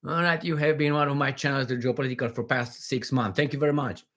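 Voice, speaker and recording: A middle-aged man hosts a casual livestream. He rambles from one viewer comment to the next and jokes as he goes. His voice sits at an ordinary middle pitch, full of fillers and restarts. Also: steady tone, quick pace, fairly bright tone. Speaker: livestream host.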